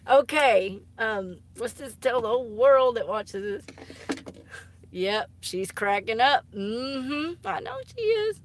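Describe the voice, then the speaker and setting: A woman's voice: a little high, lively intonation, slow, a little hiss or hum. A woman chatting casually on a live stream, giggly and teasing, often dropping into embarrassed whispers. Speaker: artist live-streaming to viewers. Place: home art studio.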